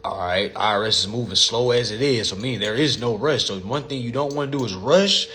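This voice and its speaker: A man's voice: mid-range voice, fairly quick, sharp tone. A man hosting a casual livestream and answering viewer questions, blunt and profane, and often calling his listeners family.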